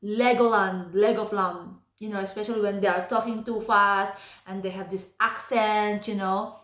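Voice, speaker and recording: A woman's voice: medium pitch, flat delivery, moderate pace, a bit bright, roomy sound. A woman from the Philippines with a Filipino accent, telling stories in a casual vlog and laughing often. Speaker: vlogger.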